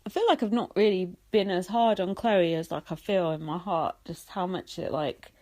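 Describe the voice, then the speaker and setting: A woman's voice: lowish voice, normal speed, darkish tone, no room sound. A young English woman hosting a casual solo podcast, blunt and sarcastic, swearing and mocking others in quoted voices. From England. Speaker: podcast host.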